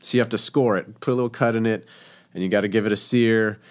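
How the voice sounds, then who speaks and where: A man casually telling a story about working as a cook, animated and laughing often. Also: fairly low pitch, fast. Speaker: guest telling a kitchen story.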